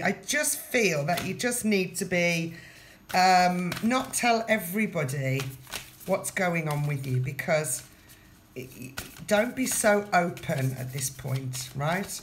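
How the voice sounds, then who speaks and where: A woman's voice: fairly low pitch, a little hiss or hum. A woman giving a casual tarot reading, talking straight to the viewer and repeating her phrases. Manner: chatty, repeats phrases, addresses the viewer directly. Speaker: tarot reader.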